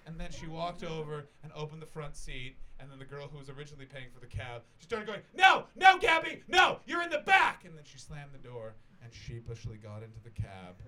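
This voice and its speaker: A man telling a rambling, profane story as a comedian, breaking into loud shouted impressions. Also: mid-range voice, fairly quick, few pauses. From not from Scotland. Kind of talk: stand-up storytelling to a recorded audience.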